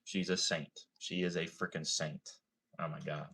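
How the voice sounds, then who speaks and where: This deep-voiced young man from Ohio speaks unhurriedly and flatly, his sharp tone carrying a breathy edge. He's casually reading livestream comments, relaxed, swearing freely, with a slight country accent.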